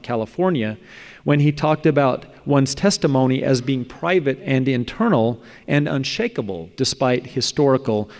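A man reading a prepared talk in a measured, thoughtful way, often trailing off at the ends of phrases. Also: mid-range voice, a little mellow. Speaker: speaker presenting a paper. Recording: long hall reverb.

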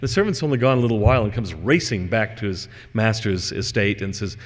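A man giving a scripture lecture in a scholarly, digressive way with gentle humor. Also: lowish voice, lively intonation, fairly quick, in a large hall.

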